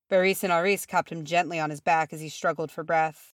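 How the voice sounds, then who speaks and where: Woman audiobook reader, low voice, even storytelling, dry close mic. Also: brisk, dry recording. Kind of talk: fan fiction narration.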